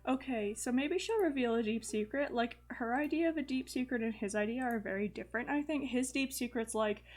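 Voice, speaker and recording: A woman's voice: on the high side, a little fast. A young woman casually commenting on her life-simulation gameplay, chatty, with frequent fillers and light laughs. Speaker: gaming video host. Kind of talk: casual let's-play commentary.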